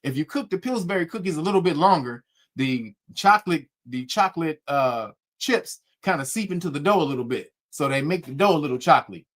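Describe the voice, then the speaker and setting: A man's voice: on the high side, brisk. A middle-aged man hosting, telling a family story to viewers casually, swearing and laughing a lot. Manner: animated, swearing, laughing often. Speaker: host.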